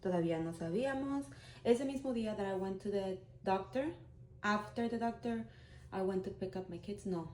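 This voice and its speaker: A woman's voice: medium pitch, fairly quick, darkish tone. 30s woman vlogging, emotional storytime, casual and candid, kinda echoey room, faint hum behind. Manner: heartfelt, emotional, conversational. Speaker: vlogger, single mom. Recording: roomy echo.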